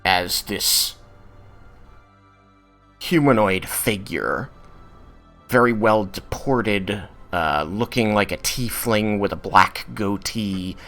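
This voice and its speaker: Low-voiced game master, unhurried. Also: male voice, bright, forceful tone, faint music behind. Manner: hesitant, many fillers. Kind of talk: narrating a tabletop game.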